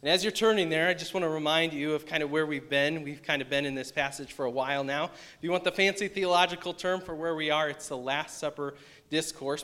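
A man pastor giving a sermon, talking in a relaxed, conversational way and reading scripture aloud. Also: fairly high pitch. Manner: casual, conversational preaching. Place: church sanctuary with a screen.

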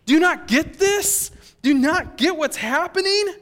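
A man voicing an exasperated, pleading Roman governor in a retold scripture scene, pushing his voice high and strained. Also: animated, moderate pace, a bit bright. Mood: pleading, frustrated. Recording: long hall reverb.

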